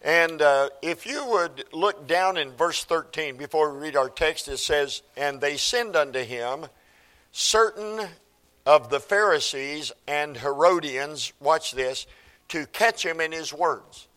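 Man, pastor, sermon, slightly high voice, unhurried delivery, reads scripture aloud. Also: bright, forceful tone. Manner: reads scripture aloud and comments, calls for amen.

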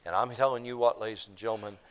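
A man's voice: on the low side, fairly even intonation, racing, fairly bright tone, smooth. A man, preaching a sermon in church, repeating his points for emphasis. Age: 50s. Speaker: pastor.

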